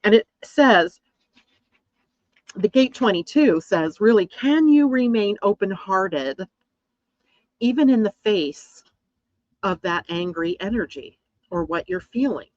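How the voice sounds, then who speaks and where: A woman's voice: medium pitch, big pitch swings, takes it slowly, pauses often, a little mellow, no echo. A woman teaching astrology in a casual, reflective way, often checking in with listeners. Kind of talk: casual explanatory talk. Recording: dull, lo-fi, dry recording.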